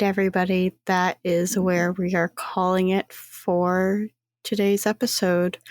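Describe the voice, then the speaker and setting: Woman, host narrator of a tabletop game, slow delivery, dry sound. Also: mid-range voice, no room sound.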